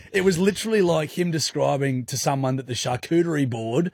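A man's voice: mid-range voice, expressive, normal speed, few pauses, slightly rough, no echo. A man with an Australian accent co-hosting a radio show, bantering playfully and laughing often. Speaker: radio co-host. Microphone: studio microphone.

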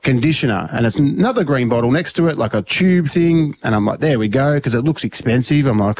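A man's voice: medium pitch, expressive, fairly quick, few pauses, a little mellow. A middle-aged Australian man co-hosting breakfast radio, telling rambling stories and laughing at himself. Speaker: radio co-host.

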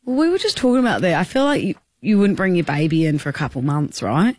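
A woman's voice: fairly low pitch, sing-song, quick pace, darkish tone, no echo. An Australian woman co-hosting a radio show in casual, bubbly banter, laughing often and teasing. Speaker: radio co-host.

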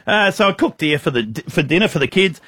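A man's voice: fairly high pitch, lively intonation, fast talker, bright, forceful tone, slightly rough, no room sound, studio quality. An Australian man hosting a radio show, jokey and laughing at his own jokes. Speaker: radio host. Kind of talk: casual radio banter.

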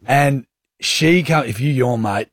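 An Australian man hosting a radio show, telling stories in animated, laughing banter from the studio. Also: medium pitch, takes it slowly, husky, no room sound. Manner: animated storyteller, laughs often. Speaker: radio host.

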